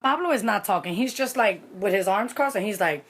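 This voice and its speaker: A woman telling a personal story in a casual vlog, animated and dramatic, with Spanish phrases mixed in. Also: mid-range voice, fairly quick, husky.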